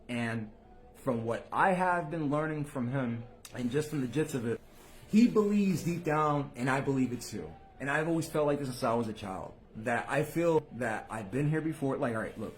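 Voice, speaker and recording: Animated man muttering then bursting out loud. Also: mid-range voice. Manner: street slang, swears freely. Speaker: channel host. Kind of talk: casual monologue to viewers.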